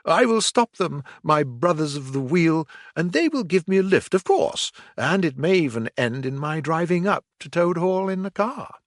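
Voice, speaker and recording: A bragging, excitable storybook toad, as a man puts him on, pitched well above his usual voice and swinging wildly up and down. The lines come fast and giddy. The sound is close and dry, with no room around it. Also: no echo. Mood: eager. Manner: high, breathless and bragging. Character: boastful excitable male toad.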